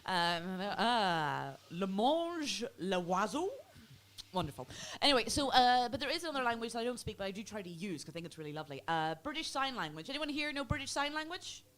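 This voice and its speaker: A woman's voice: on the high side, expressive, racing, few pauses, fairly bright tone. A woman performing a stand-up set in a comedy club, dry and self-mocking, chatting with the crowd. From Ireland. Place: comedy club before a live audience. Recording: live club recording with audible noise.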